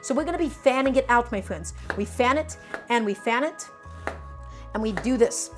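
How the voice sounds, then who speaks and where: A woman's voice: fairly high pitch, lively intonation, normal speed, over music. A woman hosting a live cooking stream from her home kitchen, chatting enthusiastically with viewers as she chops vegetables. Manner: enthusiastic, repetitive, addresses viewers as friends.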